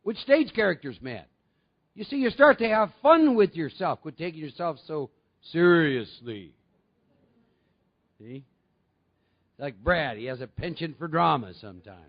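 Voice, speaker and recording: High, gravelly man addressing a meeting. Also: animated, normal speed, muffled recording. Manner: conversational, asks the audience questions. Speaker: recovery speaker. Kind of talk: talk to a recovery meeting.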